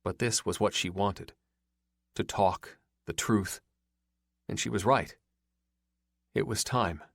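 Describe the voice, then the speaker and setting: A man with a fairly low voice reads a first-person romance audiobook at a steady, measured pace. The recording is dry and close, with no room sound. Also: vocal fry, husky, no room sound. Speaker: audiobook narrator. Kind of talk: first-person scripted narration.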